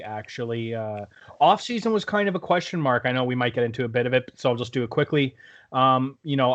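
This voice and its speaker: A man co-hosting a sports podcast, relaxed and a bit hesitant. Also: medium pitch, no echo. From Canada. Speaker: podcast co-host. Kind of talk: casual sports podcast chat.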